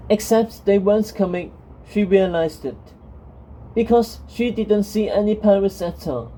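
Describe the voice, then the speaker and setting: A woman narrates a fantasy story in a calm, steady reading voice. She takes her time with each line, and her tone is dark and mellow. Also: medium pitch, measured pace, low-quality recording.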